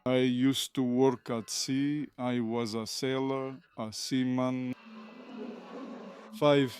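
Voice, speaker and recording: Man calmly recounting sea memories. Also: mid-range voice, slow pace, clean tone, no echo, soft background music.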